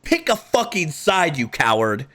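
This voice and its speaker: A man's voice: a little high, big pitch swings, a little slow, fairly bright tone, full character voice. Man doing a scornful vampire recruiter.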